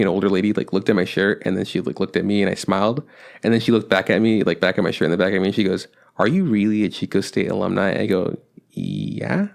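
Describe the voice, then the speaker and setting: A man's voice: on the low side, gravelly. A young man chatting on a podcast, rambling with lots of fillers and swearing. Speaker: podcast co-host. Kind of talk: casual chat.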